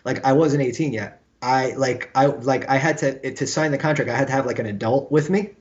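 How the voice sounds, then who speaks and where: A middle-pitched Brooklyn man, recounting old stories in a casual interview. He talks in a lively way and acts out what other people said in the scenes he describes. The recording is a little dull and lo-fi. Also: brisk. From Brooklyn, New York. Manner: animated storyteller who acts out quoted dialogue. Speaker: guest musician. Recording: slightly dull lo-fi sound.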